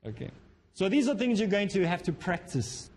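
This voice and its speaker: A man from Africa, lecturing students on public speaking in a lively way that acts out the speakers he quotes. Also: high-pitched, moderate pace, breathy edge. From South Africa.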